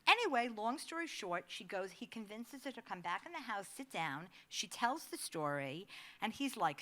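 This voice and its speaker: Middle-aged woman talking to a group, bright voice, really lively ups and downs, chatty storyteller. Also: medium pitch, moderate pace. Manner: animated storyteller, laughs often. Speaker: advocacy staff speaker. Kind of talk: conversational presentation with personal story.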